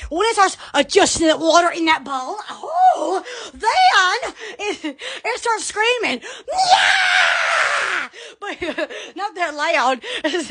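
A woman's voice: extremely high pitch, pushed and bright, a little hiss or hum. Giddy, squealing Southern woman on a livestream. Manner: giddy, squealing, laughing, constant exclamations. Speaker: livestream host. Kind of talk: silly livestream chat with face filters. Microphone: phone held close.

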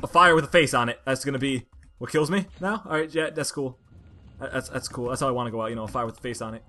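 A woman giving casual commentary over a platformer, talking to herself in frustration and bursting into loud complaints. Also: very deep voice, fast talker, faint music behind. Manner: exasperated, frustrated self-talk that bursts into loud outbursts. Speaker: let's play gamer.

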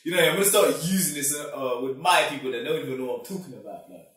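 A man's voice: fairly high pitch, expressive, very fast, fairly bright tone, far from the mic. Guy, playful reactor, roomy off-mic sound. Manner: playful, repeats words and laughs. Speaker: reaction video host. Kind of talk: casual reaction commentary.

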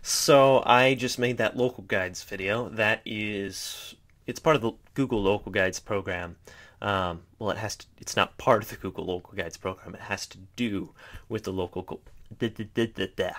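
A young man with a fairly low voice rambles through an unedited vlog. He is chatty and self-mocking, and his words often drift off into quiet asides. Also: moderate pace. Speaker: vlogger.

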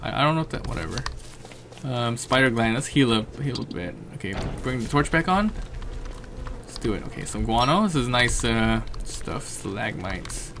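A man doing let's play commentary, excitable and swearing at enemies, then thinking aloud about his plans. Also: mid-range voice, moderate pace, noisy background. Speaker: gaming commentator.

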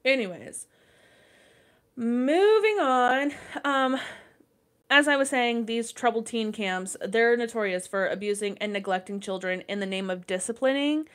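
A woman's voice: medium pitch, normal speed, clear, resonant tone. A young woman hosting a podcast, telling a personal story in a casual, rambling way, full of swearing and acted-out reactions. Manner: profane, rambling, animated retelling. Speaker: podcast host. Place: dark room at home.

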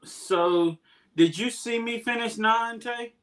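Male streamer, high voice, rambling casual delivery over a laptop call. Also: slow pace, fairly bright tone. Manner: rambling, laughing, spicy-food aftermath. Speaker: YouTube channel host. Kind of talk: casual livestream chat. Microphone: laptop or tablet on a video call.

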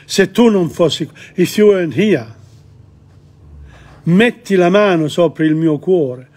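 Slow husky-voiced man teaching. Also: high voice, lively intonation, a little mellow. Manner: slow, halting, repeats words while explaining. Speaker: language teacher. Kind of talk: explaining song lyrics in a lesson.

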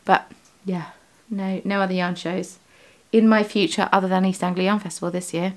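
A woman's voice: fairly low pitch, fairly even intonation, normal speed, a little mellow. A British woman, the host of a crafting vlog, chatting casually from her home studio, rambling and correcting herself as she goes. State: has the hiccups. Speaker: yarn dyer and vlogger.

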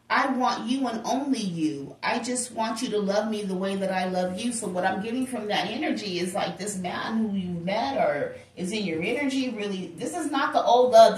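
A woman giving a casual tarot reading, talking straight to her viewers in an emphatic, chatty way. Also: medium pitch. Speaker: tarot reader. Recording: roomy echo, distant from the mic.

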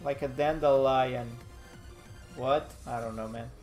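A man's voice: medium pitch, steady tone, unhurried, a little mellow, faint music behind. A young man chatting casually on a live stream, rambling and laid-back, still a little nasal from a cold. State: slightly nasal from a fading cold.

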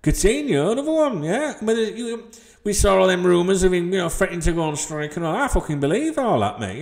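A man's voice: high-pitched, big pitch swings, a little fast, darkish tone. A middle-aged man, ranting bluntly and swearing freely about football in a vlog to his subscribers. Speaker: football channel vlogger. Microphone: desk microphone.

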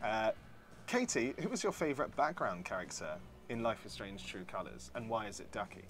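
A man co-hosting a casual livestream, losing his voice, chiming in with chipper quick remarks. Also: on the low side, big pitch swings, fairly bright tone. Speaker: stream co-host.

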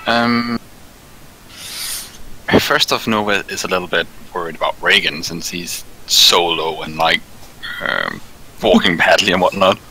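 A man's voice: deep voice, expressive, a little slow, creaky, long pauses, pushed and bright, a little hiss or hum, rough recording. A man playing a tabletop game, hesitant and asking about the rules. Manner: hesitant, asks rules questions. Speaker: player. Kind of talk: casual tabletop play.

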